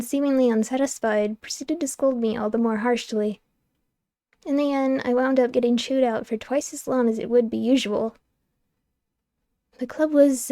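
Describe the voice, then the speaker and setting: A woman's voice: fairly high pitch, mellow, no echo, studio quality. Young woman narrating a game with wry expression. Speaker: streamer reading a game aloud. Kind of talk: expressive narration of a game's text.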